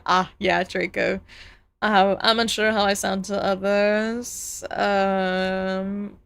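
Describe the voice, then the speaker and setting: A woman's voice: medium pitch, little pitch movement, slow pace, fairly bright tone, clear, resonant tone. A young woman streaming, chatting casually as she reacts to videos and reads her chat aloud, laughing often.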